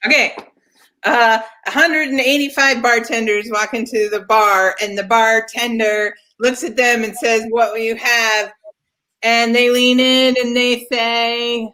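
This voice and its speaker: A bright, crisp-voiced woman telling playful improvised jokes over a video call. She spins the setup like a little story before the pun. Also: on the high side, fairly even intonation, unhurried. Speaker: improv player.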